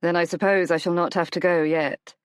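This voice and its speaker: A woman voicing a reclusive male duke who speaks in a quiet, clipped, formal way. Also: fairly low pitch, steady tone, brisk, clean tone, dry recording, voice pushed down, lightly acted. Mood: reserved.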